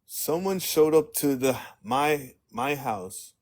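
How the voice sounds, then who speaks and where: A man's voice: mid-range voice, expressive, slow pace, darkish tone. A man hosting a live stream in an ordinary middle-range voice. He talks bluntly and emphatically and does not mind dropping a curse word. The delivery is loose live chat. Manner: blunt, emphatic, swears freely.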